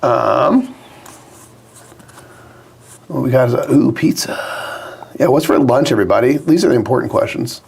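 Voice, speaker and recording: Hoarse, gravelly man chatting on stream. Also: medium pitch, moderate pace, pauses often, darkish tone. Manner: chatty, self-deprecating, troubleshooting aloud. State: hoarse after illness. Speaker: co-host of a live board game stream. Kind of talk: casual live-stream chat.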